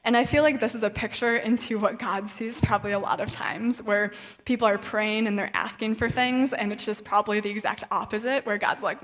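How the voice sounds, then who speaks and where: A woman's voice: fairly high pitch, fairly even intonation, fairly quick. Woman preaching casually in a reverberant hall. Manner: casual and chatty, briefly acts out the voices of people in the story. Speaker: guest speaker at a young adult event. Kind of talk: conversational sermon with Bible reading.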